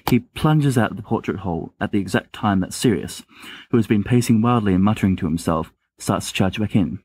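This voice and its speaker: A man reads a story aloud in a plain, steady way, stumbling now and then. His voice is low and husky. It is recorded close and dry, as an amateur audiobook. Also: a little fast, no room sound. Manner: plain narration with small restarts. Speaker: podfic reader.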